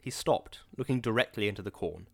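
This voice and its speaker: A man narrating an audiobook in a measured, dramatic reading. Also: fairly low pitch, vocal fry. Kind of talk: scripted narration.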